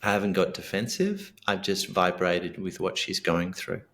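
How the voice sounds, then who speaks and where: Earnest low-voiced man. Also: normal speed, fairly bright tone. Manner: earnest, reflective, acts out sample dialogue. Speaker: guest author and coach. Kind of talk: podcast interview.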